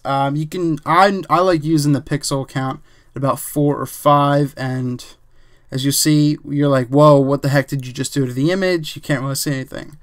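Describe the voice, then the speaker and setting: A man with a slightly raised pitch talks through a photo edit in a loose, conversational way. He thinks aloud, drops fillers, and punctuates each step with a quick "bam". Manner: relaxed, chatty, says "bam" and "um", thinks aloud while working. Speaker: photo editing tutor. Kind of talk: casual screen-recorded tutorial.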